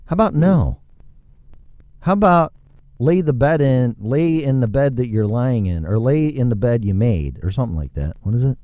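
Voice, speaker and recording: A man's voice: mid-range voice, lively intonation, normal speed, mellow, no echo, lo-fi sound. A man hosting a solo podcast, ranting sarcastically and swearing freely into a microphone. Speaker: podcast host. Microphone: studio microphone.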